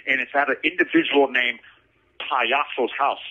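A man's voice: medium pitch, steady tone, moderate pace, slightly rough, narrow, tinny audio. A man telling a story about his own past in a casual, slangy way, often repeating phrases for emphasis.

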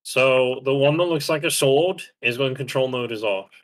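A man's voice: mid-range voice, moderate pace. A young man streaming a video game live, bossily instructing a teammate and swearing when frustrated. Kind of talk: live gameplay chat.

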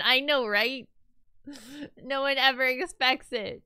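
Young woman streamer, rambling casual chat, crisp clear voice, dry close sound. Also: high voice, fairly even intonation, slow pace, sharp tone, no room sound. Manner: chatty, rambling with many fillers.

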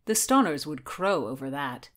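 Woman narrator, scripted historical story, measured delivery, fairly low pitch. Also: expressive.

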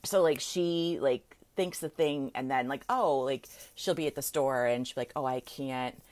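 Casual and full of laughter, a middle-aged manifestation coach chats on a live video, often tossing in "right?" Her voice has an extremely low pitch, a darkish tone and an ordinary pace.

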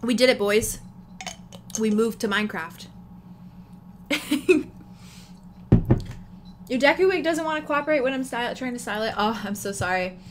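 A woman's voice: on the high side, lively intonation, unhurried, pauses often, background noise. A woman livestreaming from home in a casual, giggly chat, greeting viewers by name. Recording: background music under voice.

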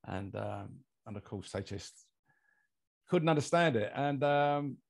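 A man's voice: mid-range voice, expressive, slow, creaky. An older British man, a guest on an interview podcast, telling a long personal story in a rambling way with lots of fillers. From United Kingdom. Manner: rambling anecdotal delivery with many fillers. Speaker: guest, mold investigator.

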